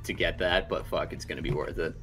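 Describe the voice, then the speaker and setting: A man's voice: deep voice, steady tone, brisk, vocal fry, fairly bright tone, soft background music. A man playing a co-op shooter with friends, teasing and swearing casually. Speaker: co-op player. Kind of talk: casual gameplay chat.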